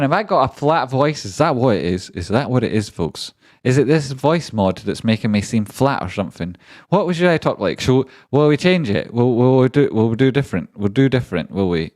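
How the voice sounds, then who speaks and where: A man's voice: medium pitch, lively intonation, moderate pace, darkish tone, no room sound. A man hosting a live stream, rambling and joking casually with viewers and swearing now and then. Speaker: livestream trading host.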